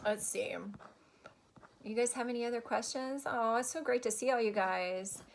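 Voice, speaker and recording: A woman's voice: on the high side, steady tone, normal speed. A woman life coach answering viewers' questions on a live stream, chatty and gushing. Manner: chatty and gushing, many restarts.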